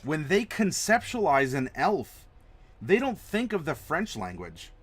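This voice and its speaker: A man hosting a live map-design stream, chatting to viewers in an animated, playful way. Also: on the high side, measured pace, husky. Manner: animated, playful, talks to chat. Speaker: host.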